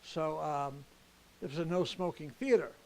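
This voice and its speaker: A man's voice: on the high side, moderate pace, slight background noise, rough recording. An older man, a comedian and the show's host, telling rambling anecdotes in a backstage interview at a theater.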